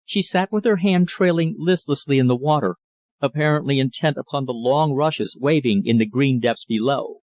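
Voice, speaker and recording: A man narrating a classic novel in a measured, literary reading style. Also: medium pitch, darkish tone, dry recording. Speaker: audiobook narrator. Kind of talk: scripted narration.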